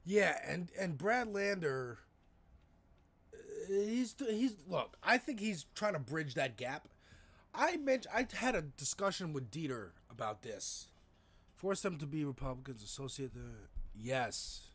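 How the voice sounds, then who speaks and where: A man with a gravelly, slightly raised voice holds forth on a political talk stream. He swears casually and keeps circling back, breaking off and restarting his sentences as he goes. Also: a little high, very animated, a little slow, a bit bright. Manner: profane, rambling, frequent restarts. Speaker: livestream co-host.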